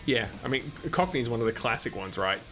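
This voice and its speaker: A man's voice: mid-range voice, fast talker, a bit bright, faint music behind. An Australian man hosting a live gaming stream, chatting casually and answering viewers' comments between moments of play. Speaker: livestream host.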